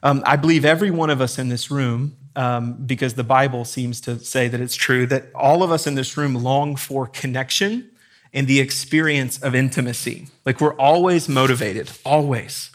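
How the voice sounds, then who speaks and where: A man's voice: mid-range voice, normal speed. A man preaching a sermon to his congregation in a conversational, emphatic way, acting out quotes and questions. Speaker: pastor. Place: church room with congregation.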